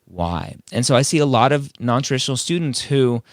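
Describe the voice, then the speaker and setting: A man's voice: mid-range voice, animated, fairly quick, dry recording, studio quality. A man hosting an advice podcast in a casual, emphatic way, firing off rhetorical questions. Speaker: podcast host.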